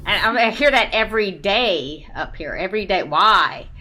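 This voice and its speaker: A woman from South Carolina, doing a dry stand-up set over a video call, with quick asides and mimicry. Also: medium pitch, lively intonation, sharp tone. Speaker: stand-up comedian.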